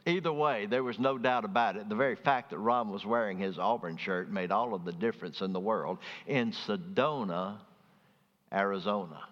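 A man with a Southern drawl preaches in a relaxed, storytelling way, climbing high and loud to make a point before dropping quiet. His voice carries long reverb through a large hall. The recording sounds dull and muffled. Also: moderate pace. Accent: Southern US (Alabama). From Birmingham, Alabama. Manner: folksy storytelling, rising loud and high for emphasis then dropping soft. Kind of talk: sermon.

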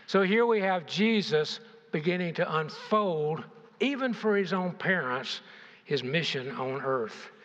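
An older man with a fairly high voice delivers a sermon, peppering it with rhetorical questions and shifting emphasis. The recording is muffled and carries a long hall reverb. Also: lively intonation, a little slow, fairly bright tone. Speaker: preacher. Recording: dull, echoey church hall.

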